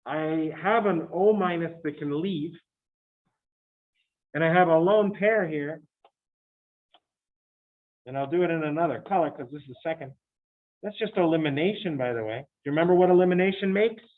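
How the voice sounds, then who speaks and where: A fairly high-voiced man teaching chemistry in a relaxed, chatty way and breaking into joking asides to his students. His recording sounds thin and tinny, like it came down a phone line. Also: normal speed, long pauses. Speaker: chemistry lecturer. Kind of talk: recorded lecture. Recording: tinny phone-like lecture audio.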